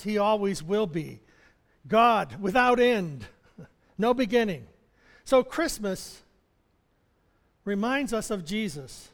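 A male chaplain preaching a sermon in a loose, conversational way, chuckling often and stumbling into restarts. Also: high-pitched. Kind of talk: sermon with personal stories. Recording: long hall reverb.

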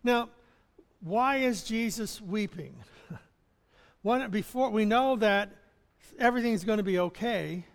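A man's voice: high voice, unhurried, creaky, pauses often. A man preaching a sermon as pastor, in a conversational way with chuckles and restarts. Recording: long hall reverb.

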